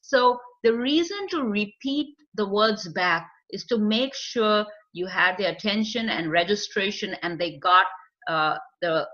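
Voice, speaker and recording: A woman's voice: medium pitch, a bit bright. A woman with a non-native accent, explaining a screening test in a training lecture with many fillers. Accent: non-native English. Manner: explanatory, with fillers and acted client quotes. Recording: dull lo-fi recording.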